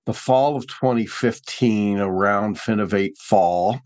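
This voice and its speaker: Deep-voiced man, relaxed podcast co-host. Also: slow. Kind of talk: casual conversation on a podcast.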